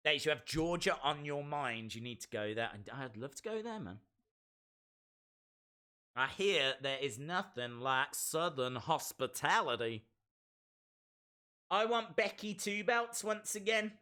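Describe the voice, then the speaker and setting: A man's voice: a little high, expressive, a little slow, pauses often, sharp tone. A man hosting a casual live reaction stream of a wrestling show, playfully repeating phrases and reading out viewers' chat.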